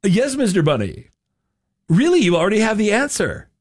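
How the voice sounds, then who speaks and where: A man doing a slow, showy TV quiz announcer. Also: high voice, very animated, pitched above the performer's own voice. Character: adult male TV quiz announcer, formal and showy.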